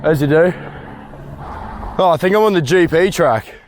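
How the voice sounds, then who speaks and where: A young man filming a casual photography vlog outdoors, talking excitedly, often swearing and complaining when he misses shots. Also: a little high, normal speed. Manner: excitable, swearing, frustrated outbursts. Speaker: photography vlogger. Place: outdoors by a busy road and racetrack. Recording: outdoor street noise. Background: passing cars.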